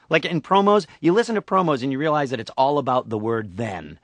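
A man's voice: on the high side, fast talker, hardly any pauses, no echo. A middle-aged man from Syracuse, New York, chatting loosely in an interview and slipping into playful put-on voices. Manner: jokey, slips into put-on voices and impressions. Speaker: voice actor guest. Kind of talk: casual interview chat.

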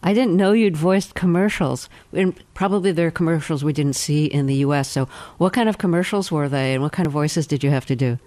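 Woman interviewer, lowish voice, asks friendly curious questions, dry close sound. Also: a little fast, hardly any pauses, a little mellow, no room sound.

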